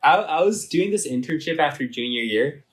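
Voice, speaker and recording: Guy in his 20s on a podcast, kinda high voice, bouncy and laughy, says dude a lot. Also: lively intonation, moderate pace. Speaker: podcast guest. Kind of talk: casual chat.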